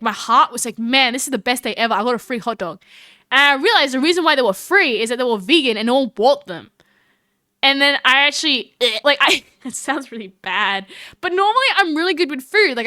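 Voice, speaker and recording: A woman with a high voice chats casually on her live stream, animated and laughing often while tripping over her words and restarting. Her voice is bright and dry, with no room sound around it.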